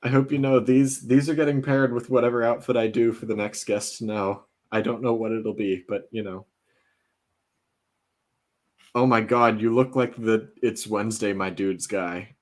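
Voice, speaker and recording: A young man with a fairly low voice reads entertainment news as a podcast co-host. He speaks in a relaxed, casual way and pads his sentences with hesitant fillers. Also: normal speed. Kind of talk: casual chat.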